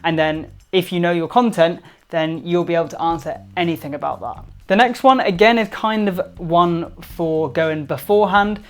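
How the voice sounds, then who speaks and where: A man's voice: on the high side, normal speed, few pauses, clean tone. Upbeat man giving presentation tips. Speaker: presentation skills vlogger. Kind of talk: upbeat instructional talk to camera.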